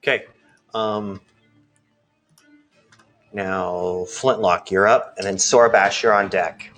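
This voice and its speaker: A man's voice: fairly low pitch, steady tone, slow pace, a bit bright, faint music behind. A man running a tabletop game as game master, describing the action in loose, hesitant phrases.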